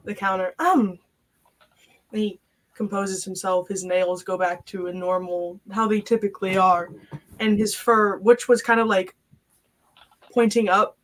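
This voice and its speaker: Woman game master, casual narration, filler-heavy delivery. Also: medium pitch.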